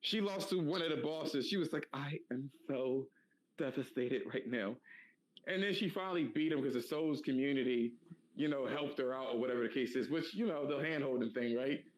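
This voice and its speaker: This is a man in a casual podcast chat, talking in a loose, slangy way with plenty of ums along the way. His voice sits a little high for a man. He gets animated when he tells a story. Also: a little fast, poor audio. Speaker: podcast co-host.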